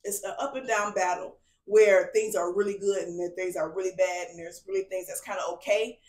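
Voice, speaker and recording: A woman's voice: fairly low pitch, steady tone, a little fast, a little mellow. A young adult woman hosting her own podcast, talking candidly and emphatically to listeners, checking in with "okay?" and "y'all" as she confides her story. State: tearful at moments. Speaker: podcast host. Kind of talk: candid solo podcast monologue. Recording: roomy echo.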